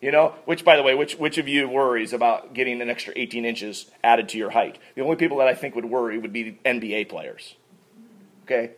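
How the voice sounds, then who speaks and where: A male pastor preaching a sermon, asking rhetorical questions and swinging between loud, stressed lines and quiet asides. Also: mid-range voice, fairly quick.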